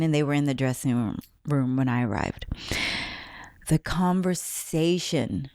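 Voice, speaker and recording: A woman's voice: low-pitched, a little mellow, no echo, studio quality. A woman telling a personal story in a casual monologue, acting out overheard quotes, sometimes in a whisper. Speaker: spiritual vlogger.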